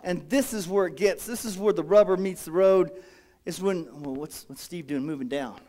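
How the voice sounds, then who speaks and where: A man preaching a sermon as pastor, lively and dramatic, acting out the voices of his congregation. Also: high voice, moderate pace.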